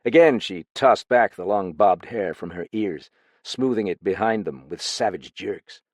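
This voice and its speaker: A man narrating an audiobook and voicing a detective in an expressive, lively reading. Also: lowish voice, unhurried, dry recording, clean studio sound. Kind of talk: scripted narration.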